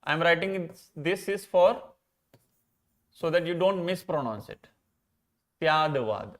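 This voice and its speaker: A man's voice: high voice, unhurried. A man with an Indian English accent teaching philosophy in an exam-prep lecture, posing rhetorical questions and answering them himself. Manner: repeats and rephrases key points, slips into Hindi.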